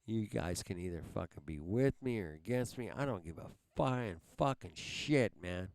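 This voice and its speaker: He sits on the low side, darkish and smooth, speaking at a moderate pace as he rants animatedly at his livestream viewers. The livestream host is angry and heated, cursing heavily and repeating "man." No echo is present.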